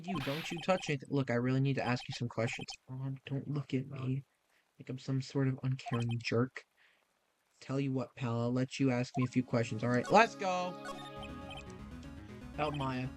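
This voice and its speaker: A man voicing a gruff, friendly male police detective who talks bluntly and calls people pal, over game music. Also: medium pitch, moderate pace, natural voice.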